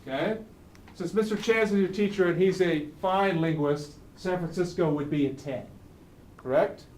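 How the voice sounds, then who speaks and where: A man's voice: sits high, moderate pace, darkish tone. A man with a Philadelphia accent teaching a class, constantly asking "okay?" and "right?" as he goes. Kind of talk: classroom lesson. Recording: echoey classroom, mic far off, faint room noise.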